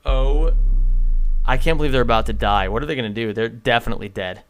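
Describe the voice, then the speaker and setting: A man streaming gameplay, talking in an excitable, rambling way and laughing often. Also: medium pitch, quick pace, faint music behind. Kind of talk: live gameplay commentary.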